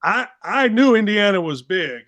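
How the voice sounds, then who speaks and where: A man in his sixties with a Midwestern American accent, telling a story in a casual interview and acting out quotes in lively voices. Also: sits high, normal speed. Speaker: sports talk host, guest storyteller.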